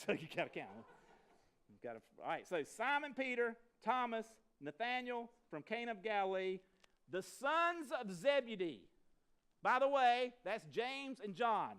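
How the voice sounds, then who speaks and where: A male pastor with a high voice delivers an animated sermon in a church. His pitch swings widely as he quizzes the congregation at a fast clip. He acts out the people in his story in a folksy way. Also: clean tone. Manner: animated, talks fast, asks the congregation questions. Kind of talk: lively sermon. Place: church sanctuary.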